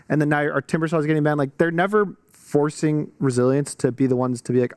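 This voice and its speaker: A man giving casual, opinionated esports analysis on a panel, talking fast with lots of fillers. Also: fairly high pitch, fairly even intonation, a little mellow, smooth, no room sound.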